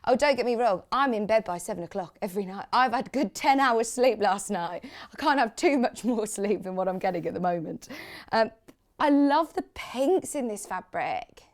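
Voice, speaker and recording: A woman's voice: mid-range voice, animated, normal speed. Gushing woman presenting on shopping TV. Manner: gushing, chatty, reads out viewer comments. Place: TV studio.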